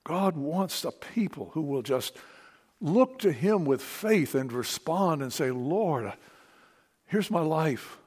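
Male preacher, high-ish and animated, sermon to a congregation, hushed then emphatic. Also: takes it slowly, slightly rough. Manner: fervent, swings from hushed to emphatic. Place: church meeting.

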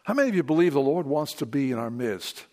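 A man preaching a sermon to a church meeting, fervent, dropping to hushed tones and rising to emphatic declarations. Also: mid-range voice, big pitch swings, fast talker.

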